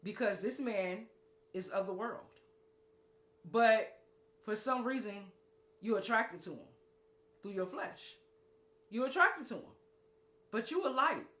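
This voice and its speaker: Animated woman preaching in an echoey room. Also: slow pace, long pauses. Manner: animated, acts out listeners' voices in a higher pitch; drops low and quiet on key points. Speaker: host of a spiritual talk show. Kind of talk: spiritual teaching monologue.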